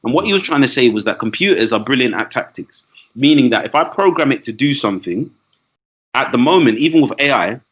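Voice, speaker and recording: A man's voice: mid-range voice, expressive, a little fast, fairly bright tone. A man talking as a podcast guest, a teacher and trainer who explains his points with lists and asides in casual conversation. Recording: dull lo-fi audio.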